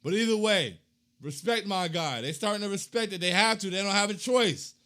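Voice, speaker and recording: A young man briskly works through fan comments on a laid-back postgame chat. His slangy excitement alternates between loud chanting and quiet muttering.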